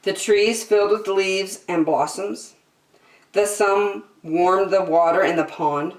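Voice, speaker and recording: A woman reading a children's picture book aloud with slow, expressive delivery. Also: mid-range voice. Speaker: children's storyteller. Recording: roomy, from a distance.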